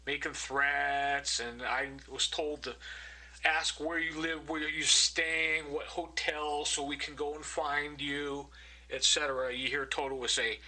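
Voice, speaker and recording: A man's voice: on the high side, level tone, takes it slowly, pushed and bright, poor audio. A man narrating over his own recordings, indignant and accusing, repeating his complaint.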